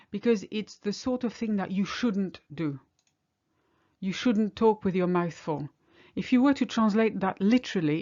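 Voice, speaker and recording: A woman with a French accent, a native French speaker, teaching an online lesson and explaining examples slowly and clearly. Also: mid-range voice, darkish tone, lo-fi sound.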